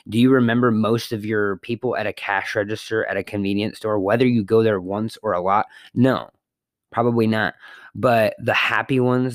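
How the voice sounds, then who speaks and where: A man with a fairly low voice hosts a podcast on his own, rambling casually from home. He drops fillers and the occasional curse. The sound is dry and close, with no room echo. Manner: rambling, conversational, with fillers and mild swearing. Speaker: podcast host. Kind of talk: casual solo podcast monologue. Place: apartment.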